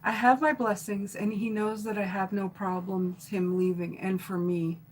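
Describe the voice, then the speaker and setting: A middle-aged woman's medium-pitched, steady, slightly mellow voice carries a live tarot stream at normal speed, though the recording is rough. She chats loosely and reads viewers' comments, with fillers and restarts.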